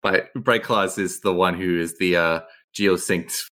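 A man's voice: low voice, steady tone, measured pace, fairly bright tone. A man playing a tabletop game, talking in a brash, joking way about what his character does. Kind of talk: casual game chat.

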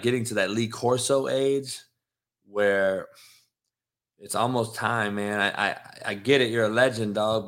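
A man hosting a sports podcast, ranting in a profane, animated, casual way. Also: medium pitch. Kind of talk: casual chat.

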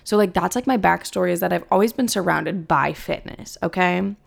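A woman's voice: on the low side, brisk, creaky. A young woman in her twenties hosting a solo podcast, chatting casually, full of filler words and swearing freely. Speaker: podcast host.

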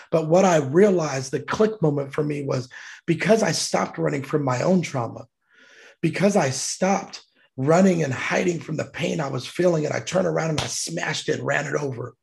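A man's voice: on the high side, gravelly. A man, a military veteran guest, telling an emotional personal story in a heartfelt, emphatic way. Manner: heartfelt, emphatic, choked up at times.

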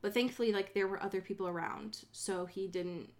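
A woman co-hosting a casual podcast, talking about a book in a profane, animated way and acting out the characters' lines. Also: medium pitch, brisk. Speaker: podcast co-host. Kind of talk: casual book discussion chat.

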